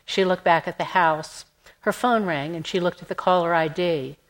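Woman narrating a novel, low voice. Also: normal speed, poor audio. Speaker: audiobook narrator. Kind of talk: scripted narration.

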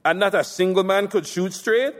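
A man's voice: high voice, moderate pace, big-room sound, pitched above the performer's own voice, lightly acted. A man putting on a furious gangster. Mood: angry mocking. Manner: crude, boastful, mocking. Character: foul-mouthed, furious Jamaican gangster man.

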